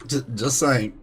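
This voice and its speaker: A man chats with his viewers as he plays a game on stream, loose and easygoing, often breaking into a short chuckle. His voice sits at an ordinary middle pitch. Keys clack softly in the background. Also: a little hiss or hum. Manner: chatty, chuckles, talks to viewers while playing. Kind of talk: casual live-stream chat.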